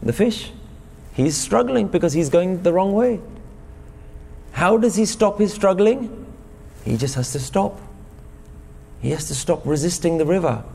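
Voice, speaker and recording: A man's voice: high-pitched, lively intonation, a little slow, gravelly, long pauses, darkish tone, husky, long reverb tail. A man giving a sermon at a gurdwara, telling a parable and posing rhetorical questions to the congregation. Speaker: speaker at a Sikh gurdwara. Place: gurdwara hall.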